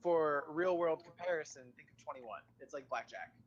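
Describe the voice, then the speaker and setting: Relaxed man running a tabletop game. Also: fairly high pitch, normal speed, highs cut off. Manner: relaxed, explains rules with filler ums. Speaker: game master.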